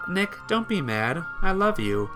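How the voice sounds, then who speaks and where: Man doing a young woman, weak, slurring, apologetic, higher voice, game story. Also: big pitch swings, unhurried, over music. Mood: weak, pleading.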